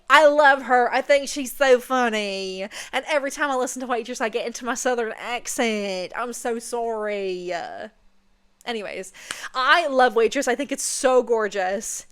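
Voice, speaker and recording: A woman's voice: a little high, normal speed, a bit bright, clear, resonant tone. A young woman chatting playfully while seated, often checking in with "okay?". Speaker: vlogger. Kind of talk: casual chat.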